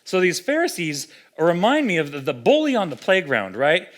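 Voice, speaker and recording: Brief: young male pastor, conversational sermon, lively delivery, voice a touch high. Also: moderate pace. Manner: conversational, animated, acts out quoted voices.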